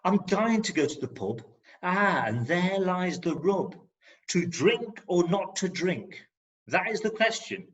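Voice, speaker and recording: A spoken-word poet with a higher voice on a dull call line. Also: male voice, expressive, slow. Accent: English Midlands. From England. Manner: rhythmic, rhyming delivery with wry humour. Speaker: performance poet. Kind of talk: spoken-word poetry reading with comic asides. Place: home, on an online video call. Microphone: video call microphone. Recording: dull lo-fi video call audio.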